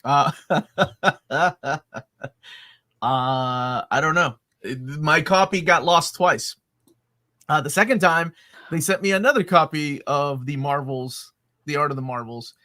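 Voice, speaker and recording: A man's voice: fairly high pitch, slow, pauses often, bright, forceful tone, no room sound, clean studio sound. A man co-hosting a live question-and-answer chat, joking and laughing often. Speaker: co-host.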